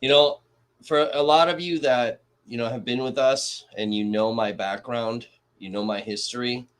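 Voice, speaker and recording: A man's voice: mid-range voice, steady tone, moderate pace, clean tone. A man hosting a casual livestream from home, talking to his chat in an angry, heated way with heavy swearing. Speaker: livestream host reacting to a trial. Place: home room.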